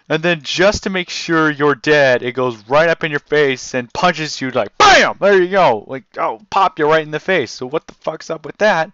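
A man giving excitable let's play commentary, swearing and yelling at the game. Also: fairly high pitch, moderate pace, few pauses, clean tone, no echo, lo-fi sound. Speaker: gamer.

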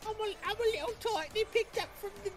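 A man doing a squeaky cheeky Cockney tadpole. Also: fast talker, faint music behind. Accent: put-on Cockney. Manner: high squeaky cheeky put-on voice.

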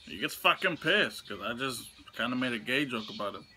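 A young man telling a storytime vlog, venting in a heated, profane way with sudden high outbursts. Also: animated, brisk, pushed and bright, a little hiss or hum. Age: young adult. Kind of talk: casual storytime rant.

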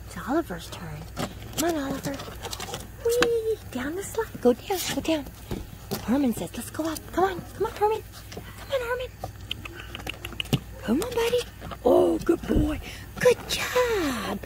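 A woman outdoors talking to puppies in a high, sing-song baby-talk voice. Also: background noise. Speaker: dog owner filming puppies. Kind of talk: casual chat to puppies. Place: outdoors in a yard.

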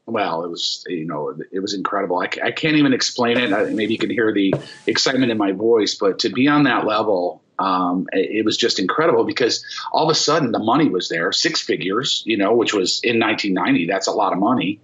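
Man, fifties, from florida, excited rambling storyteller, lots of fillers, dull lo-fi podcast sound. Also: lowish voice, brisk, hardly any pauses. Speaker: podcast guest, former rock bassist. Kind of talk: casual storytelling interview.

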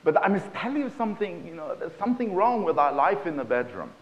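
A man's voice: high voice, very animated, brisk, muffled recording. A man voicing a sheepish husband confessing to his wife, in a joke told on stage. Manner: apologetic, confiding. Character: sheepish middle-aged husband.

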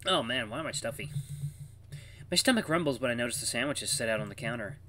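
A man reads a story game aloud for his viewers. His pitch is lively and moves a lot, and he drops casual asides between the lines. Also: quick pace, a little hiss or hum. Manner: casual asides while reading. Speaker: game streamer. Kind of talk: reading a visual novel aloud.

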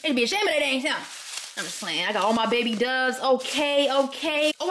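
A young woman from Michigan, USA, chats with her viewers in a casual vlog, exclaiming a lot and calling them y'all. Her voice is high, a little fast, and a bit bright. The room is echoey, with faint background noise.

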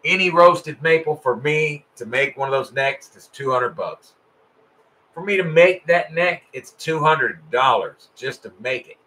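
A man's voice: a little high, expressive, measured pace, pushed and bright. A man hosting a casual livestream from his guitar workshop, teasing his co-host, joking with viewers and laughing often.

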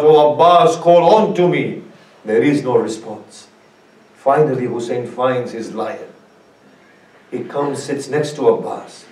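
A man as a sheikh giving a mournful sermon, telling a story slowly with dramatic pauses. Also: a little high, a little mellow. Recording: echoey hall, speaker far from mic.

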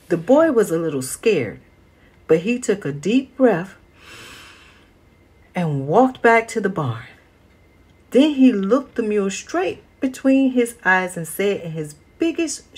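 A woman reading a children's picture book aloud as a storyteller, slow and expressive. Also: medium pitch, slightly rough.

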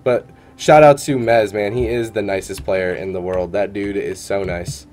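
A man's voice: on the low side, steady tone, normal speed, a little mellow, faint music behind. A man casting a live esports tournament and chatting between matches in an upbeat, chatty way full of "uh" and "man". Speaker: tournament caster and streamer.

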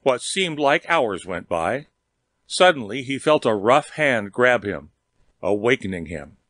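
Steady male audiobook narrator, dry sound. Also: medium pitch, dry recording. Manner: steady, measured storytelling. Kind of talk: audiobook reading.

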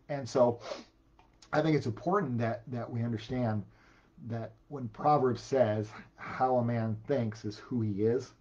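A man preaching a sermon as a pastor, animated, repeating words when he gets emphatic. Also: medium pitch, dull audio.

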